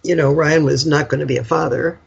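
A woman's voice: deep voice, steady tone, a little fast, vocal fry, slightly rough, dull audio. An older woman, a guest, telling a personal story in a candid, rambling way, with lots of fillers and laughter.

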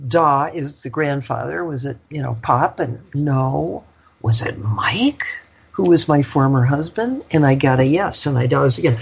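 Older lady rambling thru a personal story, kinda husky, lots of ums, slightly dull lo-fi sound. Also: sits low, moderate pace, hardly any pauses. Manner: rambling and candid, with many fillers and laughs. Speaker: guest.

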